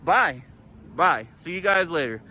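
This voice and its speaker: A man's voice: fairly high pitch, expressive, unhurried, crowd noise. A man auditing police outdoors, arguing heatedly and repeating himself, filmed on his own handheld camera at a police station. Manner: confrontational, argumentative, repeats phrases. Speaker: first amendment auditor filming police. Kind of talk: heated street confrontation.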